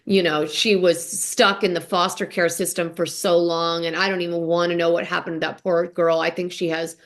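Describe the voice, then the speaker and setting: A woman's voice: lowish voice, flat delivery, moderate pace. A young woman hosting a podcast, recapping reality TV in a casual monologue and acting out quotes with dramatic emphasis. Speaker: podcast host.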